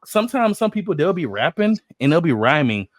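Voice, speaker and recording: A man co-hosting a casual chat, animated and laughing often as he talks about rap craft. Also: a little high, fairly quick, no room sound, clean studio sound. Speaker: co-host reacting to a song.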